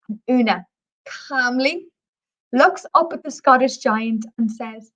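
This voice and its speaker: A woman telling folklore stories on a video call, chatty and animated. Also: a little high, measured pace, highs cut off. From Ireland. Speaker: tour operator representative. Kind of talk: storytelling on a live video presentation.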